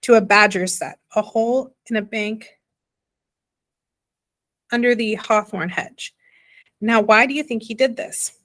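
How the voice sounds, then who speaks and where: A woman's voice: on the high side, measured pace, long pauses, a bit bright. A woman doing Homily, fussy anxious mother. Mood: grave. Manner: emphatic, scolding, fussy. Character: anxious, sharp-tongued tiny mother.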